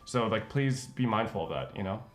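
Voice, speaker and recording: A man's voice: lowish voice, lively intonation, fairly quick, soft background music. Earnest young man in a roomy room. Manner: earnest, heavy on filler words. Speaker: streamer co-host. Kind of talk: casual chat. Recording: roomy echo.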